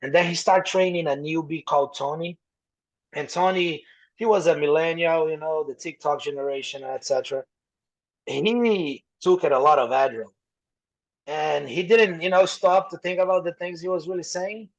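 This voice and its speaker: A young man with a Brazilian accent, a native Portuguese speaker, sits in as a podcast guest. His voice sits a little high for a man, and he tells his stories in a loose, animated way. He slips into other people's voices mid-story and swears freely. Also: moderate pace, muffled recording. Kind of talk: casual storytelling.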